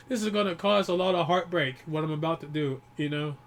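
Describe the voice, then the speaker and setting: A man grieving while talking alone to the camera, rambling and swearing often, with many restarts and pauses. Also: high voice, animated. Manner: profane, rambling, frequent restarts. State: grieving, holding back tears. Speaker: YouTuber. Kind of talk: personal vlog monologue.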